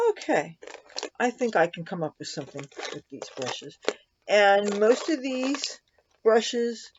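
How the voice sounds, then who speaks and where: A woman's voice: medium pitch, mellow, dull audio, a little hiss or hum. A woman filming a makeup tutorial in her room at home, rambling and chatting fondly to her cat between steps. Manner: rambling, fond baby talk to her cat.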